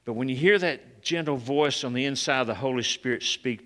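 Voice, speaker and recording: A man preaching a sermon as a pastor, swinging from loud emphatic peaks to soft low passages and calling out to the congregation. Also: brisk, few pauses. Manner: emphatic, rises loud and high on key points, drops soft and low for quiet moments; calls out to the congregation. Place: church sanctuary. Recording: long hall reverb.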